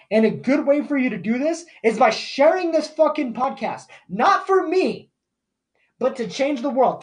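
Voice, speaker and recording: A young man hosting his own podcast, ranting hard about fitness and grit. His delivery is blunt, heated and packed with swearing, with no polish or pause for niceties. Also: very high-pitched, a little mellow. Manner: profane, fired-up and blunt. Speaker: podcast host. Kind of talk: motivational podcast rant.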